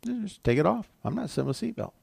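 A man's voice: sits high, sing-song, fast talker, gravelly, a little mellow, breathy edge, dry recording. An older man preaching a sermon as pastor, telling a personal story in a conversational way with frequent restarts. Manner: conversational, storytelling with self-corrections.

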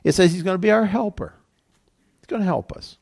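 Gravelly-voiced man preaching casually. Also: sits high, fairly quick, darkish tone. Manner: casual, conversational preaching with many fillers. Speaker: pastor. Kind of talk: sermon.

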